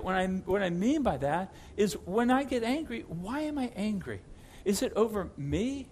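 A middle-aged male pastor preaching a sermon, telling stories with lively restarts and repeated words. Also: high voice, slight background noise. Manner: animated storytelling with repeated restarts.

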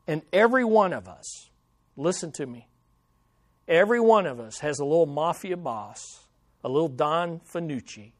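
Pastor, male, high voice, slow dramatic sermon delivery. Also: expressive, no echo, clean studio sound. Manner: dramatic, preacherly emphasis with slow punchy phrases.

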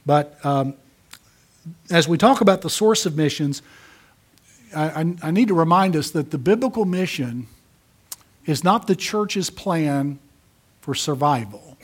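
A man preaching a sermon, emphatic, rising to loud peaks and dropping to soft asides. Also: a little high, animated, a little slow, pauses often, slightly rough. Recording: audio of a church sermon.

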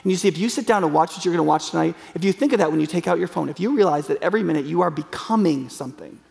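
A man's voice: on the high side, racing, vocal fry, darkish tone. A man preaching a sermon as a pastor, earnest and conversational, with frequent fillers and restarts. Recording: long hall reverb.

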